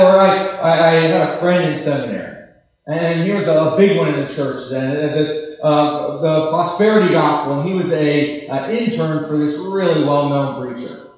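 A man preaching a sermon as pastor, swinging between loud emphasis and hushed asides. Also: a little high, moderate pace. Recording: echoey hall reverb.

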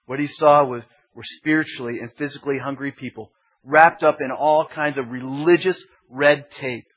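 A man's voice: medium pitch, fairly even intonation, moderate pace. A man preaching as a pastor, teaching emphatically with building repetition. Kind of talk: expository sermon. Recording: dull lo-fi sermon recording.

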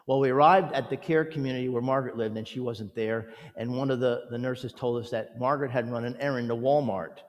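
A man preaching a sermon as a pastor, gentle and earnest, telling stories and leading prayer. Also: mid-range voice, steady tone, a little fast, hardly any pauses. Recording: long hall reverb.

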